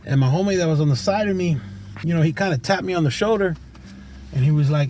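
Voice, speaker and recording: High-voiced man telling a street story. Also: fast, darkish tone. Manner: casual, slangy and profane, with many fillers. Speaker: recovering addict telling his story. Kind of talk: unscripted personal storytelling. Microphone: tablet camera mic. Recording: noisy street and traffic sound.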